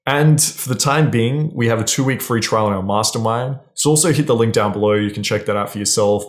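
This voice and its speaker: A man's voice: lowish voice, fairly quick. A man giving casual, blunt dating advice straight to camera, swearing freely and often checking in with "right?". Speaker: dating coach.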